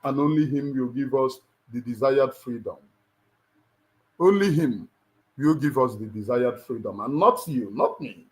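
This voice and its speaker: A man's voice: mid-range voice, unhurried, a little mellow. A middle-aged Nigerian man with a Nigerian accent, hosting a livestream in an emphatic, preacher-like way and repeating his lines for weight. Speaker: livestream host. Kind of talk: impassioned livestream address.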